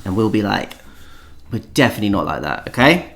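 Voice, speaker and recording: A man's voice: on the low side, sing-song, fast, fairly bright tone, slight background noise. A man hosting a podcast in a casual chat, leading the talk in a chatty, teasing way. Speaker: podcast host.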